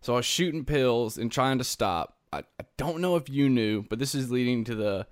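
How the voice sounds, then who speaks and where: A man's voice: mid-range voice, expressive, moderate pace, no echo, studio quality. A male podcast host telling a long personal story in casual chat, self-mocking and laughing as he goes.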